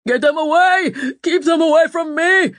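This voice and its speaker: A woman's voice: unhurried, no room sound, lightly acted. Woman voicing a frantic, panicked king. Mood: terrified. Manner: high-pitched, frantic shouting. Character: panicked, guilt-ridden middle-aged male king.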